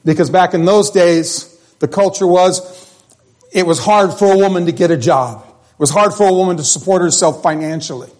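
A man's voice: high voice, a little mellow. A middle-aged man, a pastor, preaching a sermon in a conversational, joking way that repeats phrases.

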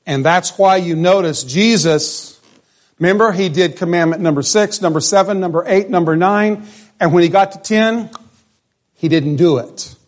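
A man's voice: high-pitched, normal speed. A male pastor preaching a conversational sermon in a church, asking the congregation questions as he goes. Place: church sanctuary.

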